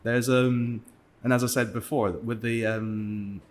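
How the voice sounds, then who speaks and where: A man's voice: mid-range voice, little pitch movement, slow pace. A young man from England, a podcast guest, talking casually with many fillers and restarts. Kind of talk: casual interview talk.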